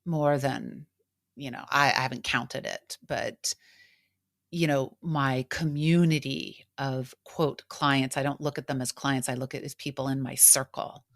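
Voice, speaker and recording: Low-pitched woman, middle-aged, candid reflective chat, lively quoted asides, coach talking about her journey. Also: measured pace. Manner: candid, emotional, animated quotes. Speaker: coach and podcast host. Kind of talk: reflective casual conversation.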